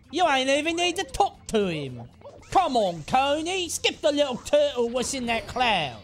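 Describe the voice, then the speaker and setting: A man voicing a pushy male backseat gamer with a put-on accent who barks loud, bossy coaching. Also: very high voice, exaggerated voice.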